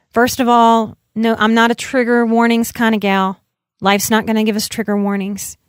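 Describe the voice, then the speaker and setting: A woman's voice: mid-range voice, dry recording. Earnest woman podcast host, dry close mic. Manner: earnest and emphatic, stretching key words slowly. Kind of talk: solo self-help podcast talk.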